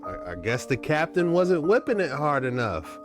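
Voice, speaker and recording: A man's voice: a little high, sing-song, normal speed, over loud music. A man hosting a casual commentary on viral clips, talking in a laid-back, slangy, rambling way. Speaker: host.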